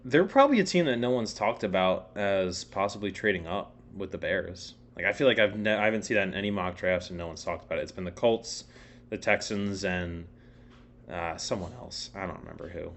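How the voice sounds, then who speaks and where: A man's voice: low voice, brisk, creaky, slight background noise. A man co-hosting a podcast, chatting casually about football in a laid-back, rambling way. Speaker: podcast co-host. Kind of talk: casual sports chat.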